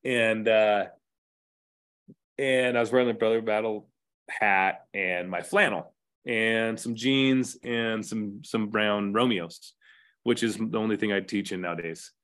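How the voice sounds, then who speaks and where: Candid middle-aged American fire captain. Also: male voice, lowish voice, a little slow, a bit bright. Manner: candid, swears casually, acts out quoted dialogue. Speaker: fire captain, podcast guest. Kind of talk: casual storytelling.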